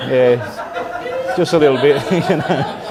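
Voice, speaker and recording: A male talk show host interviewing a guest in a loose, hesitant, laughing manner. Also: medium pitch. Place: studio before an audience. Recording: noisy studio with audience.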